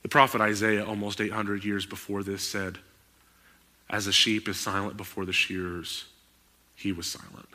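A male pastor delivering a sermon with a bright, edgy tone. He talks animatedly and climbs into loud, emphatic outbursts. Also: lowish voice, flat delivery, moderate pace.

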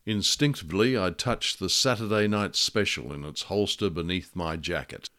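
Deep-voiced man narrating noir. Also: normal speed, sharp tone. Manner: dry, wry delivery. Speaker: author reading his own story. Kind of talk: first-person noir detective narration.

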